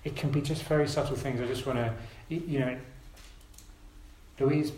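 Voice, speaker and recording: Male preacher, mid-pitched, earnest and gentle exhortation, roomy church sound. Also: steady tone, moderate pace, slight background noise. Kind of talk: sermon.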